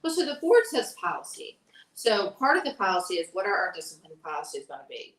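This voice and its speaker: A woman's voice: medium pitch, sing-song, quick pace, fairly bright tone. A woman answering questions about school policy in an earnest, explanatory way, with frequent fillers. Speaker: school board candidate. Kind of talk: candidate forum answers. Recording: echoey room, voice from far off.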